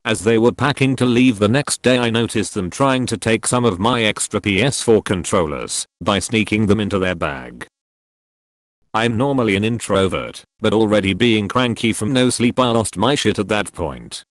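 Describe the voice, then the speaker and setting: A man narrating forum stories in a steady, even scripted read. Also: fairly low pitch, moderate pace, no room sound.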